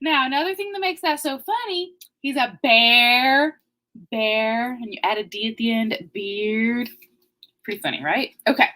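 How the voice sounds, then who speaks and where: A woman's voice: a little high, measured pace, pushed and bright. A woman in her forties hosting a children's story time, reading a picture book aloud in a playful, giggly way.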